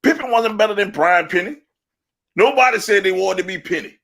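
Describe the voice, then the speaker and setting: A man co-hosting a sports podcast, talking in animated, laughing banter and trash talk. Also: high voice, brisk, creaky. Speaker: podcast co-host.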